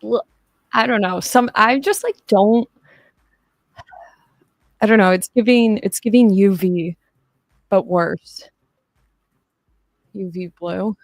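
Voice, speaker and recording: A woman's voice: mid-range voice, takes it slowly, long pauses, no echo. A young adult woman chatting casually on a livestream, rambling, swearing and laughing as she talks. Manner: rambling, profane, laughing often. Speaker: livestream host.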